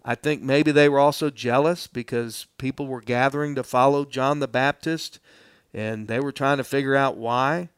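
Smooth-voiced earnest male pastor. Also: mid-range voice, fairly even intonation, normal speed, no echo, studio quality. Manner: earnest, addresses listeners directly; plainspoken and explanatory. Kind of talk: verse-by-verse Bible teaching.

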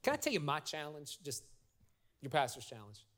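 Middle-aged pastor, high-pitched man, preaching a lively, story-driven sermon with call-and-response. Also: moderate pace. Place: church sanctuary.

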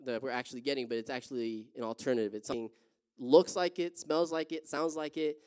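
A man's voice: medium pitch, fairly even intonation, quick pace, a little mellow, clean tone, long reverb tail. Young male preacher, conversational and jokey, everyday mid voice. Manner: joking, self-deprecating, conversational. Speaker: guest preacher. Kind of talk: casual sermon.

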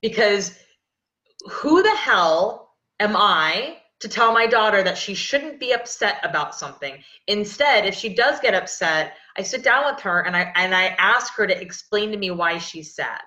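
A woman's voice: medium pitch, expressive, a little slow, bright, forceful tone. A woman in her thirties hosting a podcast, talking earnestly in a rambling way with many restarts. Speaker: podcast host. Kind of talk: casual podcast conversation. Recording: echoey, dull lo-fi sound.

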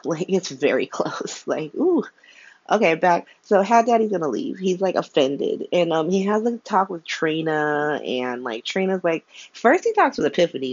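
A woman's voice: sits low, very animated, normal speed, no room sound, highs cut off. Exasperated woman recapping a soap, candid and profane. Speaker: soap opera recap vlogger. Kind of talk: casual recap chat. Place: home room by a window.

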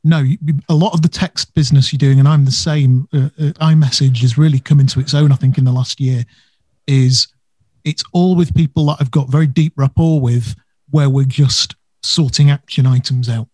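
A man's voice: medium pitch, fairly even intonation, moderate pace, darkish tone, breathy edge, dry recording. A man co-hosting a casual business podcast, talking animatedly and stressing words for effect. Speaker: podcast co-host.

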